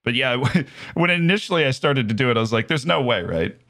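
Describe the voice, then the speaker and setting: An American streamer and sports commentator, appearing as an interview guest, chats casually in a put-on English commentator accent. His medium-pitched voice is sharp with lively intonation and a fairly quick pace, full of restarts and fillers.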